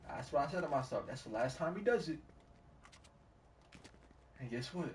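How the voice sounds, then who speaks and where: A man's voice: very animated, normal speed. Guy streaming a game, rambling slangy story, sits back from the mic, bit of hiss. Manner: slangy, rambling, drops to low mutters. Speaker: gaming streamer. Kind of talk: casual storytelling while gaming. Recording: distant mic, faint background hiss.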